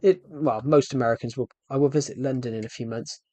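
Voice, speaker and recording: A mellow, medium-pitched male voice moves at a quick pace in a dry recording with no room sound. He rambles casually to his viewers as he streams himself gaming.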